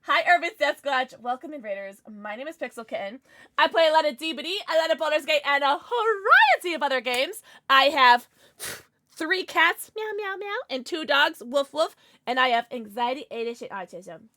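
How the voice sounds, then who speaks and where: A woman streaming a game live, chatting with her viewers in a bubbly, excitable way, sometimes mumbling, sometimes shouting. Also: high-pitched, fairly quick, dry recording, studio quality. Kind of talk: live gaming stream chat.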